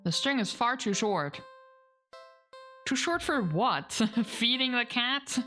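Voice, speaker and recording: In a lowish, somewhat bright voice, a woman gives let's play commentary on a game she's streaming. She voices its narration and reacts by laughing and swearing casually.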